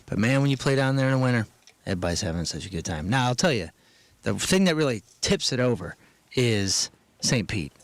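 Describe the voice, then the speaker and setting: A man in casual radio banter, an animated and enthusiastic storyteller. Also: medium pitch, a little fast, dry recording. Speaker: touring musician guest.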